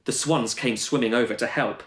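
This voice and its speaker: A man's voice: medium pitch, moderate pace, a bit bright. A man telling a rhyming panto-style story with a playful, sing-song delivery. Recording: roomy echo.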